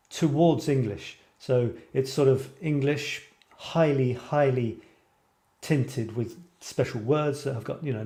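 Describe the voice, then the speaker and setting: A middle-aged Scottish man hosts a creative writing show on a live stream, chatting casually and rambling as he answers viewers. His voice is medium-pitched and warm, with a reverberant sound.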